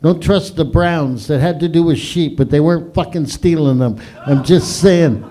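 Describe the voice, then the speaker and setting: A man working the room as an open mic host, crude and loud. His voice sits a little higher than most men's. He swears freely and barrels through his jokes. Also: normal speed. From Canada. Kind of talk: stand-up comedy hosting. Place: live comedy venue.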